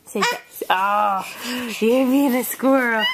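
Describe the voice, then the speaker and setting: A woman's voice: on the high side, lively intonation, slow pace, noisy background. A young woman talking to a toddler in coaxing, repetitive, sing-song baby talk for a home video.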